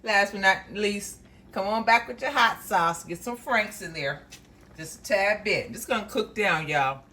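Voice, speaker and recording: In her home kitchen, a woman hosts a cooking show, walking viewers through a recipe in a homey, chatty style and calling them y'all. Her medium-pitched voice is bright and forceful, at a measured pace.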